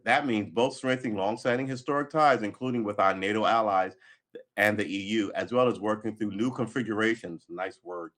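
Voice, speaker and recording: A man's voice: lowish voice, fairly bright tone. A man reading news articles aloud on a livestream, stumbling over the text and adding sarcastic asides. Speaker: livestream host.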